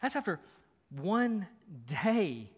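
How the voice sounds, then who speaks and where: A man's voice: high-pitched, sing-song, extremely slow. A male pastor preaching a sermon in a church, emphatic and repetitive, firing rhetorical questions. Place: church sanctuary. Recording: long hall reverb.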